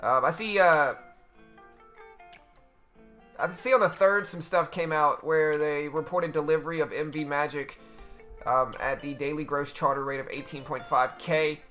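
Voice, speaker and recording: Guy hosting a trading stream, bright ringing voice, a bit high, says bro and dude a lot, faint music behind. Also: steady tone, a little slow, long pauses. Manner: chatty and loose, talks to chat with slang like bro and dude. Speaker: livestream trading host. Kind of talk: casual live-stream commentary.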